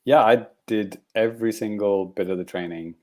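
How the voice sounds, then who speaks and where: A male podcast co-host chats casually and rambles, with frequent chuckles and fillers. His pitch is fairly low and his speed normal.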